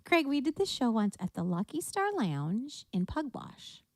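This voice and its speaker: A woman's voice: a little high, unhurried, dry recording, clean studio sound. A woman hosting a live music show, telling funny stories in casual chat. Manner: animated storyteller, laughs often. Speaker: livestream music show host.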